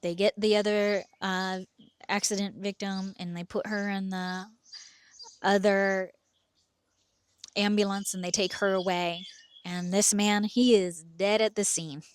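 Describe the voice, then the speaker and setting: A woman's voice: medium pitch, flat delivery, measured pace, slight background noise. Earnest woman telling a true story. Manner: vivid present-tense telling, earnest. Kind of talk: personal story told to camera.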